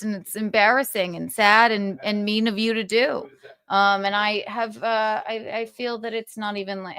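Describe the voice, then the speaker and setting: A woman's voice: mid-range voice, pushed and bright, clear, resonant tone. A woman hosting a livestream, ranting in a sarcastic, profane way and laughing between jabs. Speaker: livestream host.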